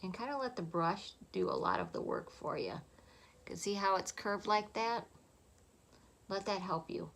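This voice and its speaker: A woman talking through a makeup tutorial in a soft, chatty voice, often dropping to a half-whisper. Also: mid-range voice, wildly swooping pitch, unhurried. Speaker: makeup vlogger.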